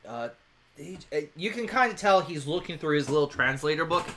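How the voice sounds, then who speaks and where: A man narrating a tabletop role-playing game in a relaxed, rambling way with lots of filler words. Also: fairly high pitch, quick pace. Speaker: game master.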